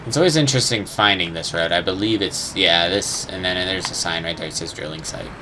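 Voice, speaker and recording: Over background noise, a young gamer chats loosely about his gameplay in a low voice that moves a little fast. His talk wanders and sounds uncertain, with occasional swearing and small hummed sound effects.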